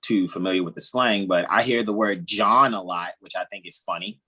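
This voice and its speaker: A man's voice: low-pitched, a little fast, bright, forceful tone, slightly rough. A man hosting a casual group video call, joking around, laughing often and drifting into rambling asides. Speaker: host.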